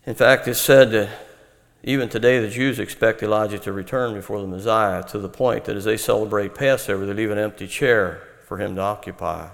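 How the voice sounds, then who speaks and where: A man's voice: lowish voice, vocal fry. Man preaching in an echoing hall. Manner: earnest, measured Bible teaching. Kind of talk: sermon.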